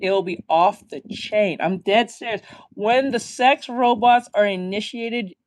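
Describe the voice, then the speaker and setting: A man's voice: high-pitched, unhurried. A man giving blunt, crude reaction commentary on a clip, often laughing at his own jokes.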